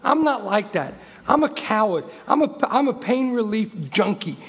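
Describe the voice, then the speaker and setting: A man's voice: high-pitched, big pitch swings, moderate pace, slightly rough, in a large hall. A man in his fifties, originally from England, giving an emphatic, wryly humorous recovery talk and reading from a book. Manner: emphatic and repetitive, wry humor. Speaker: recovery meeting speaker.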